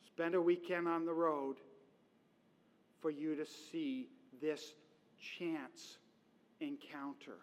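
A male pastor preaching a sermon in a conversational, animated storytelling way. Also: fairly high pitch. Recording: long hall reverb.

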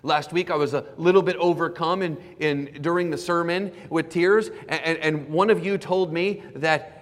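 Earnest male pastor in a reverberant church. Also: fairly high pitch. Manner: earnest, explanatory, repeats key words softly for emphasis. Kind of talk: sermon. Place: church sanctuary. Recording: preached in a reverberant church hall.

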